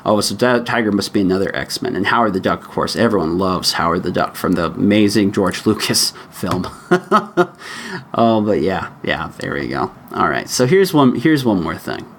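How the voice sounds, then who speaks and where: A man's voice: low-pitched, sing-song, moderate pace, fairly bright tone, a little hiss or hum. American guy doing a solo podcast, chatty and opinionated, voice jumps all over the place. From United States. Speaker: podcast host. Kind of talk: casual solo podcast commentary.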